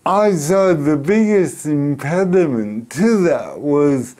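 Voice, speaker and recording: A middle-aged man from Canada, telling a personal story in an interview, speaking slowly and deliberately with pauses. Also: on the high side, animated, mellow. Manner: slow, deliberate speech with pauses and restarts. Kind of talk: reflective storytelling.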